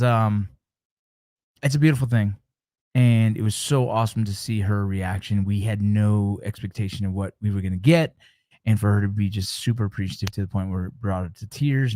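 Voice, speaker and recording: A man's voice: lowish voice, darkish tone, no room sound. A middle-aged man hosting a show, talking to his listeners in an earnest, heartfelt way, with repeated words and restarts. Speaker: show host. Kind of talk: casual motivational talk to listeners.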